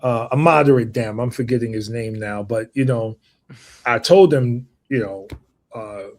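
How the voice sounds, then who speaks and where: A man chatting casually as a guest, relaxed and easygoing, with lots of fillers. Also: mid-range voice, moderate pace. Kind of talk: casual chat.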